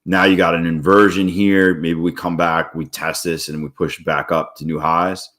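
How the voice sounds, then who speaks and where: A man's voice: sits low, flat delivery, normal speed, fairly bright tone. A man streaming his day trading live, talking viewers through chart moves in a casual, blunt way and swearing freely when a trade goes wrong.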